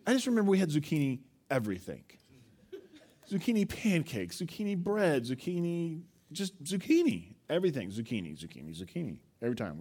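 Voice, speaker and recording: A male pastor preaches with a fairly high voice. His pitch swings widely as he talks. He tells stories with animation and keeps asking the congregation questions. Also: normal speed, breathy edge. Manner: animated storytelling, acts out quotes, asks the listeners questions. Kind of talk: sermon.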